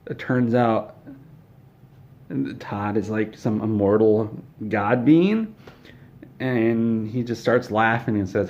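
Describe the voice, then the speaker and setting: A man's voice: on the low side, unhurried. Man telling an absurd comic story. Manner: deadpan, rambling narration. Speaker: comedy storyteller. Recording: dull lo-fi recording.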